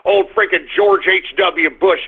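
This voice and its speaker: A man with a high, creaky, slightly rough voice speaks unhurriedly with fairly even intonation. Hosting a talk radio show over narrow phone-line sound, he rants angrily and profanely between blunt market reports, abruptly swinging into shouting.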